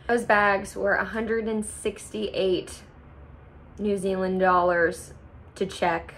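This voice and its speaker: A young woman tells a story about her travel day in a casual vlog. She talks in an animated, chatty way, laughs often and jumps up in pitch when she acts out her own reactions. Her voice sits at an ordinary middle pitch for a woman. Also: slow. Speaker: travel vlogger.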